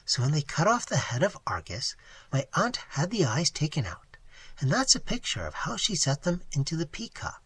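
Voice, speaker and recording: A reader voicing a young woman waitress recounting a strange encounter in an audiobook, matter-of-fact and lively. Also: fairly high pitch, moderate pace, slightly rough, heavily acted. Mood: earnest. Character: earnest young woman waitress telling a tale.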